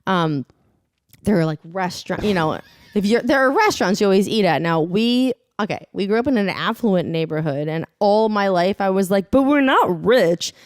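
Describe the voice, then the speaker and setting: A woman's voice: mid-range voice, animated, moderate pace, no echo, clean studio sound. A young adult woman co-hosting a podcast, a blunt, rambling storyteller who laughs often in casual chat. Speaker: podcast co-host.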